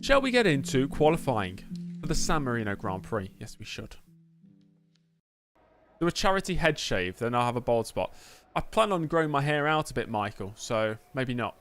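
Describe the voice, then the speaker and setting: A man's voice: mid-range voice, big pitch swings, normal speed, a bit bright, faint music behind. A man streaming live gameplay of a racing game, chatting and joking as he answers messages from his chat.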